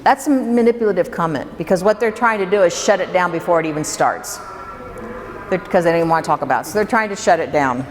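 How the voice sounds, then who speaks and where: A woman with a fairly low voice gives a workshop talk to a live audience, chatting and firing questions at the room. Her voice rings with a long hall reverb, and a faint room hum sits under it. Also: fast talker. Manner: conversational, poses questions to the audience. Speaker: workshop presenter.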